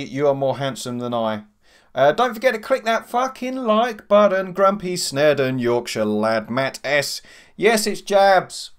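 A man's voice: a little high, clear, resonant tone. A man hosting a casual live stream, swearing freely as he greets chat viewers by name from his home computer on a desk microphone. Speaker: livestream host. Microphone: desk USB microphone.

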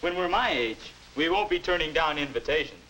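A man's voice: a little high, brisk, slight background noise, poor audio. An actor playing a friendly young man who is the boy's future self, earnestly explaining manners in a 1950s educational film. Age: young adult. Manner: earnest, instructive, lively. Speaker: narrator and guide.

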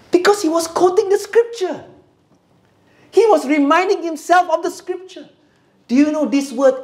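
A man's voice: very high-pitched, moderate pace, darkish tone. A man preaching a sermon, calling out to the church for an amen. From Singapore. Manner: preaching with call-and-response to the church. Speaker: pastor. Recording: echoey church hall.

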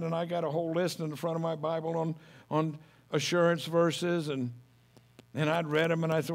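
A man's voice: on the high side, level tone, fairly quick. A middle-aged man preaching a sermon as pastor, folksy and homespun, telling stories with humor.

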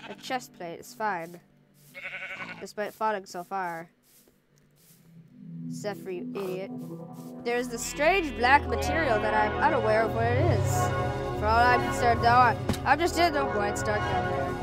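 A woman's voice: a little high, unhurried, long pauses, loud music behind the voice. A woman doing goofy, playful let's-play commentary and role-playing as she plays. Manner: goofy, bickers with herself in made-up voices. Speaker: gameplay commentator.

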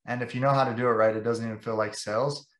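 Racing along at a medium pitch in an echoey room, a young sales director speaks with passion in a casual podcast interview. His tone stays steady even as he rambles on at length, leaning heavily on "like."

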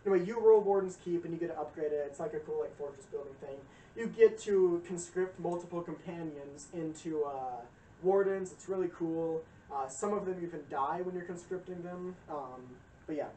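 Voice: medium pitch, moderate pace, warm tone. A young adult streamer rambles through a casual lecture, swearing freely and tossing in fillers. The voice sits a little away from the mic in a roomy, echoing space. A faint hiss lies underneath. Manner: profane, rambling, frequent fillers and acted quotes. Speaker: streamer giving a game lore lecture. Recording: roomy echo, distant mic, faint noise.

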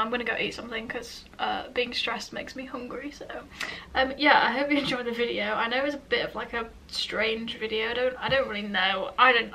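A young woman talks straight to camera in a casual vlog, emotional and gushing. Her voice sits a little high and sounds very bright. She is a bit back from the mic, with a faint hum of room noise behind her. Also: far from the mic. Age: young adult. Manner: emotional, gushing, repeats "literally". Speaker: vlogger. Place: upstairs room at home.

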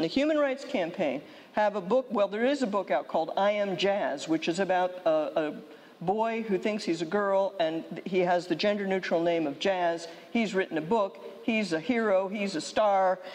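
A woman's voice: mid-range voice, normal speed, a little mellow. Emphatic woman lecturing in a reverberant hall. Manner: emphatic, rhetorical, frequent "okay?" check-ins. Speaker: conference speaker. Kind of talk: conference talk. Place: seminary hall.

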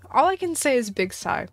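Excitable woman with a lively, high voice. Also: dry recording. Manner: dramatic, excitable, talks to herself. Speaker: streamer. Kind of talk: live gameplay stream commentary.

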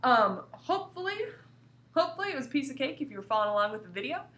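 A woman teacher walks young pupils through a recorded grammar lesson, her slightly high voice bright and ringing. She reads example sentences with deliberate, exaggerated pauses and keeps asking the class coaxing questions, her pitch swinging widely as she goes. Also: slight background noise. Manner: lively, coaxing questions to students. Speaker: elementary school teacher.

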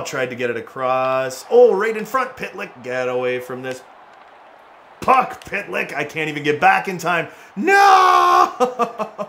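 A man giving lively, excitable gameplay commentary as a gaming channel host, trash-talking players and laughing often. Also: mid-range voice, slight background noise. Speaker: gaming YouTuber.

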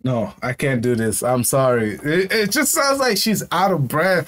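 A man's voice: a little high, expressive, unhurried, few pauses, background noise. A young man hosting a reaction video, giving blunt, apologetic commentary and often repeating himself.

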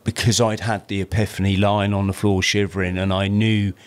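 A man's voice: fairly low pitch, a little fast. Rambling English man telling stories. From South-East London. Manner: rambling, animated, swears, many restarts. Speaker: podcast guest. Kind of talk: casual storytelling.

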